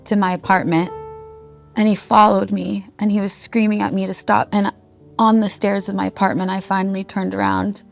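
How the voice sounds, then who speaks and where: A woman's voice: medium pitch, little pitch movement, normal speed, vocal fry, faint music behind. A woman in her thirties, a musician, candidly telling a raw personal story, heartfelt and swearing freely. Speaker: guest musician.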